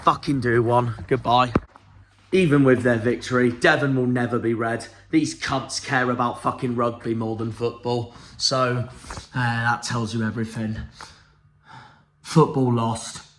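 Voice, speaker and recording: A man's voice: mid-range voice, steady tone, normal speed, a bit bright, slight background noise. A man with a Cornish accent, a football fan vlogger, giving a furious, sweary post-match rant. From Cornwall. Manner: furious, sweary, repetitive ranting.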